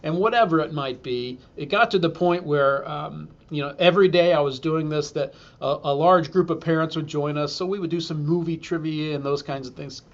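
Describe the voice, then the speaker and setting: A man's voice: a little high, brisk, hardly any pauses, muffled recording. A man, a school superintendent, telling a humorous self-deprecating story to an audience and acting out the quotes.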